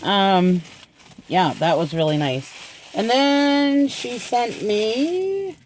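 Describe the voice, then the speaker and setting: A man's voice: high-pitched, expressive, very slow, slight background noise. A middle-aged man chatting casually in an unboxing video, gushing and laughing often as he talks. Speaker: unboxing vlogger.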